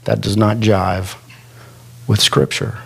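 Slow-paced man preaching a sermon. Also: fairly low pitch, little pitch movement, vocal fry, husky. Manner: slow, conversational preaching with self-deprecating asides; drags out quoted scripture for emphasis. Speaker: pastor. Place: church classroom.

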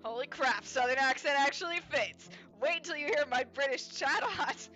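A woman's voice: sits high, expressive, normal speed, hardly any pauses, over music. A young woman giving casual, playful gameplay commentary with joking asides. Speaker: streamer.

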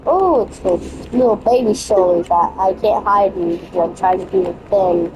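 A woman's voice: medium pitch, normal speed, background noise. A woman streaming a horror game, joking and swearing to herself as she plays. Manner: profane, joking, talks to herself. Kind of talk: casual let's-play commentary.

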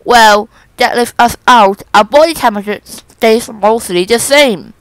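A woman's voice: a little high, unhurried, fairly bright tone, no echo. Woman voicing a dramatic young schoolboy.

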